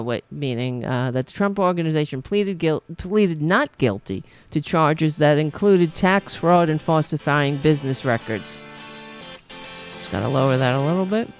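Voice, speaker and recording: A woman hosting a political podcast, reading news stories aloud and breaking in with scornful, sarcastic asides and frequent self-corrections. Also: low-pitched.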